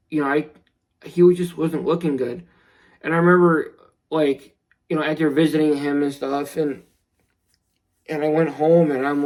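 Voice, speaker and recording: A young man telling a personal story in a vlog, earnest and somber, halting with many restarts. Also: fairly high pitch, poor audio. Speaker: vlogger.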